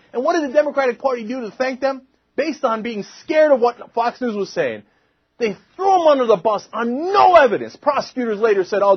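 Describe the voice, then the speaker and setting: A man's voice: very high voice, husky, no room sound, lo-fi sound. A man hosting a political commentary show, delivering an indignant, mocking monologue.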